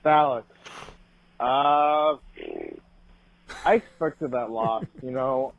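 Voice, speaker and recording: A man's voice: mid-range voice, very slow, no echo. Frustrated man calling in on tinny phone. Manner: frustrated, swears, flat complaining. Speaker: caller. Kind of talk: call-in sports chat. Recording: dry tinny phone line.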